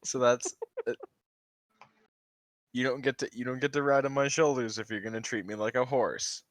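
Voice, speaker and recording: A man's voice: mid-range voice, steady tone, moderate pace, dry recording. Dry-sounding wry young man player. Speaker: tabletop game player. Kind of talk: casual game table chat.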